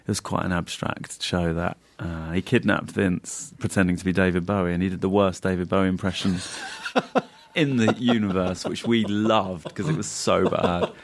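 A comedian guest in a casual chat, this man tells lively anecdotes, laughs often, and mimics other people's voices. His voice sits low and his pace is moderate.

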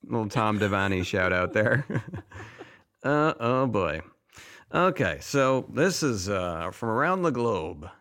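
A man's voice: fairly low pitch, sing-song, slow pace, a bit bright. A man co-hosting a chat show, reading his own monologue jokes and laughing at himself. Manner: self-deprecating, chuckling at own jokes. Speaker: podcast co-host.

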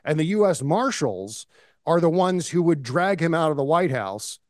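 A man's voice: a little high, sing-song, normal speed, a little mellow, dry recording, clean studio sound. A man co-hosting a political podcast, talking in an impassioned, indignant way. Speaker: podcast co-host. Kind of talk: casual political chat.

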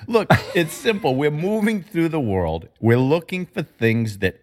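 A man discussing marketing in an emphatic, animated way, his pitch jumping up when he makes a point. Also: a little slow, hardly any pauses. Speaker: marketing commentator. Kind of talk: conversational discussion.

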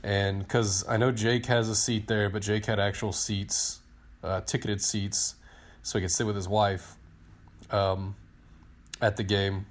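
Excited rambling man telling a story. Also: on the low side, a little slow. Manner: excited, rambling storyteller who acts out quotes. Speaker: podcast co-host, team digital director. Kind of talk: casual storytelling chat.

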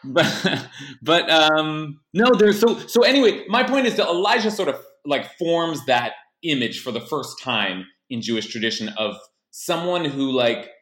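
A man's voice: fairly high pitch, sing-song, a little slow, fairly bright tone, roomy sound. A man co-hosting a casual podcast chat, rambling and hesitant, full of fillers and restarts. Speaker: podcast co-host.

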